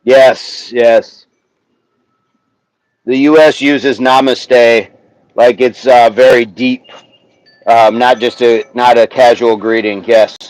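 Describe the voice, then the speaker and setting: Guy hosting a chill outdoor livestream, slow easygoing talk, reads chat out loud, dry close sound. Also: mid-range voice, steady tone, no echo, low-quality recording. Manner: chatty, reads chat aloud, sounds out words slowly. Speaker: livestream host. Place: outdoors, windy, a tree behind him.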